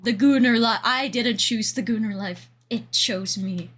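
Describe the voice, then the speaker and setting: A woman's voice: a little high, measured pace, fairly bright tone, breathy edge, faint music behind. A young woman with a Swedish accent chatting casually on a livestream, rambling and laughing often. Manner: giggly, rambling, frequent laughter. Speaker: streamer.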